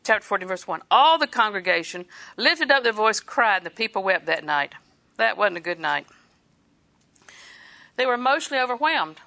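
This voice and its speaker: Bright-voiced woman preaching. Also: on the high side. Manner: conversational preaching with chuckles and quoted asides. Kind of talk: sermon.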